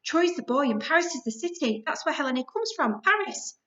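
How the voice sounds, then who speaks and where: A woman's voice: high voice, animated, fairly quick, pushed and bright, voice pushed up. A woman reading a storybook aloud, voicing the worried schoolchild at its center. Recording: dull lo-fi recording.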